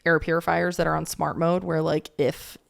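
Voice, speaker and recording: Brief: thirties woman podcast co-host, lower-pitched, playful banter. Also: level tone, moderate pace, gravelly. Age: 30s. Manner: giggly, playful, jokey. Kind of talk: casual chat.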